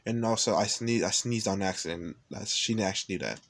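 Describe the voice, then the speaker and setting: A man's voice: lowish voice, brisk, hardly any pauses, fairly bright tone. A man casually narrating a fan-made story for his video channel, rambling and correcting himself as he goes. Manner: rambling, self-interrupting, chatty. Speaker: storyteller vlogger.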